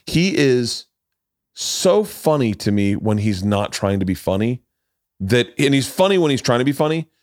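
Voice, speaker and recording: A man's voice: medium pitch, darkish tone, dry recording, clean studio sound. A man hosting a podcast in casual chat, rambling and swearing, often acting out what others said in his story. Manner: rambling, profane, acts out quotes in others' voices. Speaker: podcast host.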